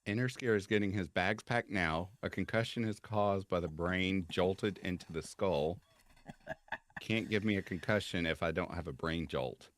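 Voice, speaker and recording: Very deep-voiced, easygoing male host. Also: normal speed. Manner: laughing, easygoing, chatty. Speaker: co-host, story narrator. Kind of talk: casual livestream chat.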